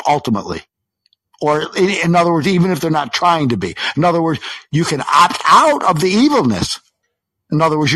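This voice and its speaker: Husky-voiced rambling New caller. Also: male voice, fairly high pitch, a bit bright, no room sound. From New York. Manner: rambling, stops himself mid-sentence, swears. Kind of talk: heated call-in argument.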